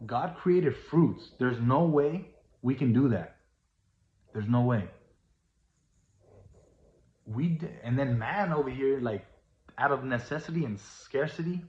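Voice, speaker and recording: Man vlogger, preachy and earnest, mid-pitched, roomy dull lo-fi recording. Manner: preachy, earnest, repetitive, rising to emphatic. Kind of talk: casual monologue.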